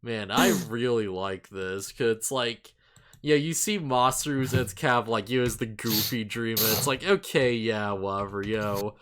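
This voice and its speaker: A man's voice: lowish voice, measured pace, a bit bright, clean tone. A man chatting casually as a co-host of an anime review show, rambling with lots of fillers and upbeat asides. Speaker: podcast co-host. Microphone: face cam with desk mic.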